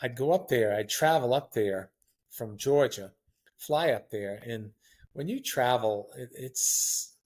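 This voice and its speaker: A man in his sixties chatting as a podcast guest, telling long rambling stories in a relaxed, anecdotal way. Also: mid-range voice, slow pace. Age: 60s. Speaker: guest marathon runner. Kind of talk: casual interview chat.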